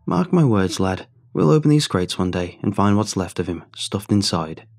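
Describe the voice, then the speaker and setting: A man voicing a gruff, dismissive male furniture mover who talks bluntly in rough dialect. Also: low-pitched, lively intonation, moderate pace, a little mellow.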